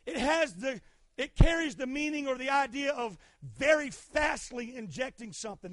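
A middle-aged pastor with a strikingly high voice, preaching with fervor. He shouts his main points and drops to hushed asides in between. The sound is dry and close, with no room around it. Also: lively intonation, moderate pace, dry recording. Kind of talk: sermon.

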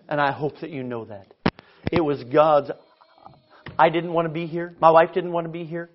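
A man's voice: on the high side, steady tone, normal speed, highs cut off, noisy background. A male pastor preaching a storytelling sermon with self-mocking humor, often stammering and restarting his phrases. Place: church sanctuary.

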